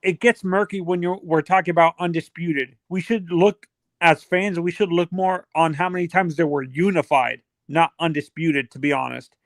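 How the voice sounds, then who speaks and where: A man in a casual sports debate who gives his opinion in a measured way, hedging as he goes. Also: fairly high pitch, steady tone, no echo. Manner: measured, shares opinion with qualifiers.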